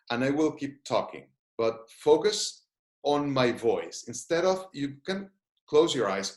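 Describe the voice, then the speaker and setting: A man with a mid-range, slightly mellow voice teaches an online seminar as a gestalt therapist. He offers thoughtful explanations and invites listeners to try short exercises, and the room echoes around him.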